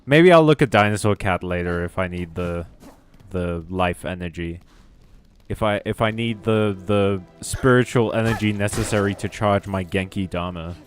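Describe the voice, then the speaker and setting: A man with a lowish voice rambles casually while he plays a video game on stream. He jokes about himself and swears freely. Faint game music sits under his talk. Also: normal speed. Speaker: VTuber streamer. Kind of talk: casual gaming stream chat.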